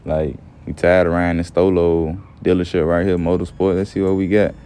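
Young man, very low voice, laid-back profane storyteller, faint music underneath. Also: flat delivery, fairly quick, dark tone, clear, resonant tone. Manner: laid-back, profane, says "you feel me" often. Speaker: gameplay storyteller. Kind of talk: casual slangy story narration.

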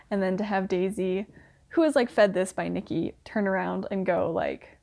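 A young woman chats casually while reviewing a TV series, her mid-range voice a little mellow and her pace moderate. She's a book reviewer, and her talk is chatty and filler-heavy, with frequent "like"s and laughing asides.

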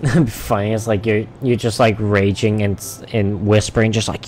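A man's voice: lowish voice, moderate pace, hardly any pauses, a little hiss or hum. A man streaming a survival game live, chatting to himself, swearing and yelping at what happens on screen. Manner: excitable, swearing, yelps and laughs at the game. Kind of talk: live gameplay commentary.

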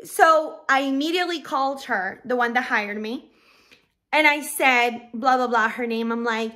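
A woman's voice: sits high, normal speed, sharp tone. A young woman who runs a balloon decorating business, telling a casual storytime straight to her viewers in a chatty way.

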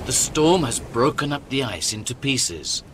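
A man playing a calm sea captain. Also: mid-range voice, measured pace, background noise, lightly acted. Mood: steady. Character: Captain Walton, grown ship captain, calm and careful. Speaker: ship captain. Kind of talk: radio drama acting.

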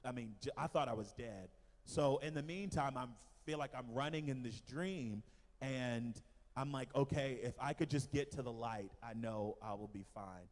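Guy sharing a church testimony, mid-pitched voice, lots of ums, big hall echo. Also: normal speed. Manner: animated storytelling with fillers. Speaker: missionary speaker. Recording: long hall reverb.

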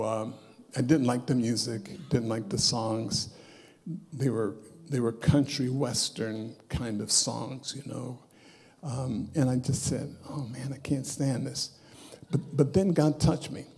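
Gravelly, mellow-voiced preacher man. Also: medium pitch. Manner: storytelling, swinging between loud bursts and soft, hushed asides. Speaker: bishop and preacher. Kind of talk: sermon testimony. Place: church sanctuary.

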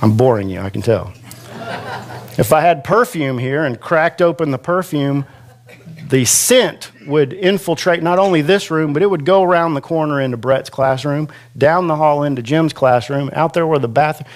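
A man preaching a sermon as pastor in a church classroom, chatty and self-deprecating, slowing down to stretch out quoted scripture for emphasis. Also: fairly high pitch. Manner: slow, conversational preaching with self-deprecating asides.

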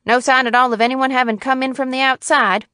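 A woman's voice: sits high, steady tone, a little fast, bright, forceful tone, no echo, studio quality, pitched above the performer's own voice. A woman reading the part of a male county attorney in a story, in a tolerant, offhand manner. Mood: businesslike.

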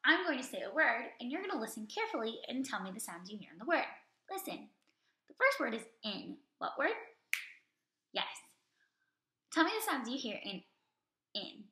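A woman teaching first grade, reading a story and leading phonics with slow, clear, drawn-out words and questions for the children. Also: on the high side, big pitch swings, bright, forceful tone, reverberant. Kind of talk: recorded reading and phonics lesson.

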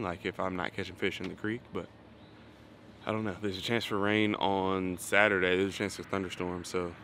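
A man's voice: sits low, sharp tone. A young man, talking casually to camera as a fishing vlogger, rambling and thinking aloud with lots of fillers. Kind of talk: casual vlog talk to camera. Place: outdoors on a lake. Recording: noisy outdoor recording with passing vehicles.

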